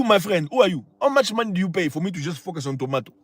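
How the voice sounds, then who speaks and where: Man, high voice, dry close sound, preachy, impassioned, rhetorical questions, livestream host. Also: lively intonation, quick pace, hardly any pauses, breathy edge, no room sound. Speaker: channel host. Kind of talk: livestream talk.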